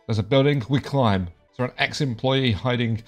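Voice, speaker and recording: A man's voice: medium pitch, moderate pace, faint music behind. A young man casually commentating his video game play, joking and reading the game's dialogue aloud. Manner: chatty, jokey, reads game dialogue aloud. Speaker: gaming video creator.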